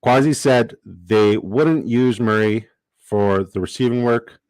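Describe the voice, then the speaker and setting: A man's voice: mid-range voice, slow pace, no room sound. Young guy streaming, swears a lot, gets hyped and rambles, dry close sound. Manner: profane, excitable, rambling asides. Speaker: livestream host. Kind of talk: casual livestream chat.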